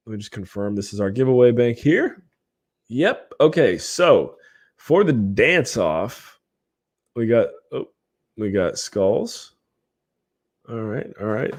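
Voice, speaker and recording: A man hosting a live podcast stream, chatting casually and hyping the giveaways for his viewers. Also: on the low side. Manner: excitable, hypes the giveaways with countdowns.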